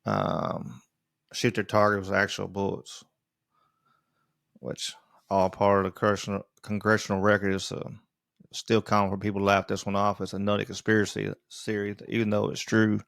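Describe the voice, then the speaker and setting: Man, casual podcast monologue, halting and rambling, gravelly, dry close sound. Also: on the low side, completely flat delivery, fairly bright tone, dry recording. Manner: rambling, halting, with many fillers and restarts. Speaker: podcast host.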